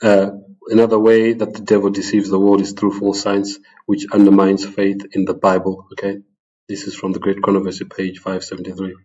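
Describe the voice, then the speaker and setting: A man with a deep, dark voice talks his way through a series of slides, pausing often on ums and restarting his sentences. His delivery stays flat and even. The recording sounds dull and lo-fi. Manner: halting, with many ums and restarts. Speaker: presenter of a religious channel. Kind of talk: unscripted talk over slides.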